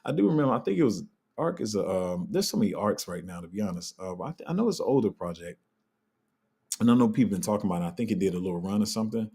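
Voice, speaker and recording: A man's voice: on the low side, lively intonation, fast, gravelly, warm tone, breathy edge. A man hosting a casual live crypto Q&A, answering chat in a loose, candid way and trailing off while he looks things up. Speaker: crypto livestream host.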